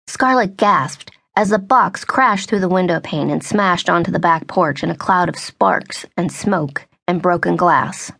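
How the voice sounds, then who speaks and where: Lady reading a teen novel aloud, some vocal fry, dry and close, steady. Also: lowish voice, unhurried, no room sound. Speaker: audiobook narrator. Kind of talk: scripted narration.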